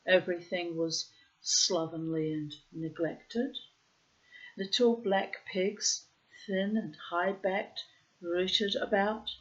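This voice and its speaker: A woman reading a short story aloud in a measured storytelling manner. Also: on the low side, fairly bright tone, muffled recording. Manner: measured, unhurried storytelling with quoted dialogue. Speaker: reader. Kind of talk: audiobook narration of a short story.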